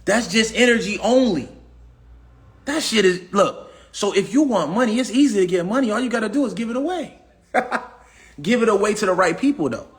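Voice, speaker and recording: Brief: high-pitched man, AAVE, preachy livestream motivational speaker, repeats himself. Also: animated, brisk. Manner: preachy, repetitive, asks the audience questions. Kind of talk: casual motivational talk.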